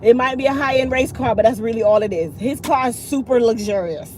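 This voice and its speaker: A middle-aged woman, a vlogger and channel host, speaks a little fast in a high-leaning voice, with a bit of hiss or hum in the audio. She tells viewers a long story casually and animatedly, acting out the others in it.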